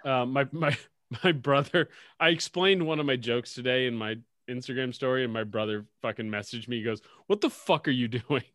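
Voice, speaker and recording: A man's voice: mid-range voice, steady tone, brisk, a bit bright, no room sound, studio quality. A man co-hosting a casual sports podcast, swearing a lot and laughing at his own stories. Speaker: podcast co-host.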